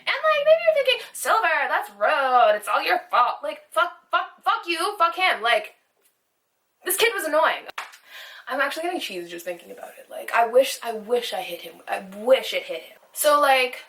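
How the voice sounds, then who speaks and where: A young woman speaks into her phone in a high, sharp voice, ranting through a story with constant swearing. She sits a bit back from the mic, so the sound sits at a slight distance. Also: very animated, normal speed. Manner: rambling, heated, swears constantly. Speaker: vlogger. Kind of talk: storytime vlog. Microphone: phone camera.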